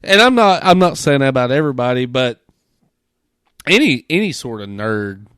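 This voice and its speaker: A man hosting a podcast, telling a story in a casual, profane, animated way and mimicking the people he quotes. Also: medium pitch, moderate pace, clean tone, no echo, studio quality. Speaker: podcast host.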